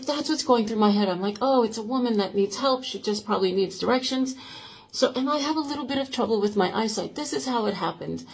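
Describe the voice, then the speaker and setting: A woman in her sixties telling a personal story to camera in a vlog, earnest and halting, often restarting her sentences. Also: mid-range voice, husky. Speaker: vlogger.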